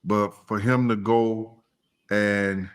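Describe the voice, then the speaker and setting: On a casual reaction podcast, this male co-host speaks emphatically and repetitively, at times trailing off into low mumbles. He takes it slowly, with a steady, clear, resonant tone.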